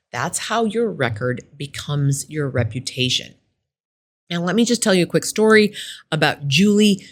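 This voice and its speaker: A middle-aged woman hosting a workplace advice podcast, telling a story in a conversational coaching tone. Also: low voice. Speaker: podcast host.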